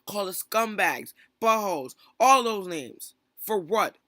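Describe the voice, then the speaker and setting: A man's voice: sits high, lively intonation, slow, bright, forceful tone, dry recording, studio quality. A young man, a streamer, ranting heatedly in a callout vlog, full of fillers and rhetorical questions.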